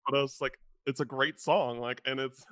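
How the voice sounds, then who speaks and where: A man's voice: medium pitch, fairly even intonation, moderate pace, fairly bright tone, no echo, clean studio sound. A young man rambling in casual podcast chat, filling his talk with "like" as he goes. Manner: rambling, full of "like" fillers. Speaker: podcast co-host.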